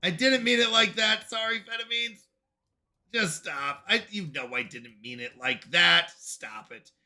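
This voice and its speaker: A man's voice: sits high, sharp tone. A man streaming a puzzle game, talking to himself and his chat in jokey, self-scolding asides. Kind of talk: live game commentary.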